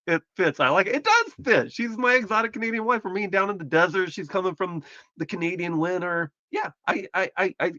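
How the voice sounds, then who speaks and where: A man's voice: on the high side, pushed and bright, dry recording, dull audio. A man from the United States hosting a casual live stream, chatting in a rambling, self-correcting way while recovering from surgery. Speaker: livestream host.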